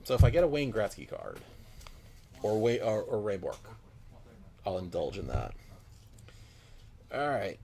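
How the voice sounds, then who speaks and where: A man's voice: lowish voice, very animated, measured pace, long pauses, dark tone, slight background noise. A man hosting a card-opening stream, chatting upbeat and speaking directly to his viewers. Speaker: host of a card break stream. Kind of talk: casual live commentary.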